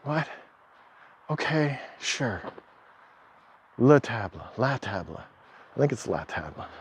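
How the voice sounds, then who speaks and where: A man in a casual vlog monologue, talking in an animated, exasperated way, acting out quoted exchanges and laughing often. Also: medium pitch, muffled recording. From Canada. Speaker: travel vlogger.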